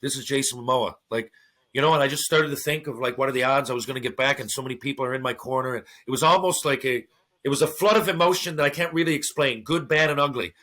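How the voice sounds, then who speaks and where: Middle-aged guy on a podcast, bright tense voice, swears a lot, does everyone's voices. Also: medium pitch, quick pace. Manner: profane, animated, acts out quoted voices. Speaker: podcast guest. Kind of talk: casual storytelling.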